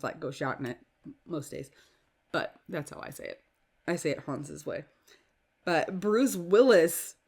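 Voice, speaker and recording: A woman hosting a casual solo podcast while sick with a cough and sore throat, chatty and stumbling over her words. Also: on the low side. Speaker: podcast host.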